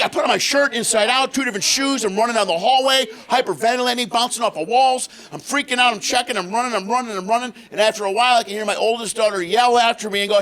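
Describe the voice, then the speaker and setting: Stand-up comic, man, middle-aged, high voice, loud and high-energy, acts out characters. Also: quick pace. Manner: high-energy, shouting punchlines, acting out other people. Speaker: stand-up comedian. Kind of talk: stand-up comedy set. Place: theater stage before a laughing audience.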